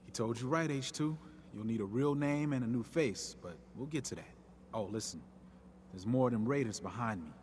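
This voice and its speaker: A man's voice: medium pitch, moderate pace, a little mellow, slight background noise, lightly acted. An actor playing an easygoing, friendly male resistance agent in a video game, talking in a chatty, reassuring way.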